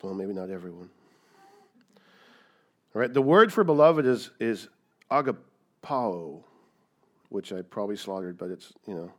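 A man's voice: fairly low pitch, animated, a little slow, pauses often, a bit bright. Emphatic male preacher. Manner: emphatic, rhetorical questions, repeats key words. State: coughing, dry throat. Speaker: pastor. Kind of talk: sermon.

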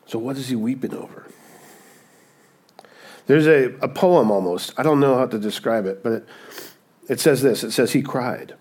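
A man preaching a sermon, dynamic and conversational, rising to emphatic peaks and dropping to hushed moments, often checking in with his listeners. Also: medium pitch, normal speed, long pauses, husky. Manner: conversational, checks in with "okay?" and "right?". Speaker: pastor.

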